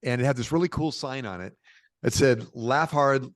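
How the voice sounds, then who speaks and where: A middle-aged man from Portland, Oregon, telling stories as a podcast guest in a lively, informal way. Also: mid-range voice, normal speed, no room sound. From Portland, Oregon, USA. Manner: animated, informal, peppered with "dude" and "bro". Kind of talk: casual conversational storytelling.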